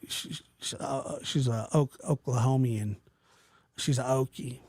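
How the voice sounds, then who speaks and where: A man hosting a casual livestream, talking to his chat in a rambling, animated way, often stopping and restarting. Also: medium pitch, measured pace, no room sound. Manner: animated, rambling, self-interrupting, mimics voices in quotes. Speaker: livestream host reading chat.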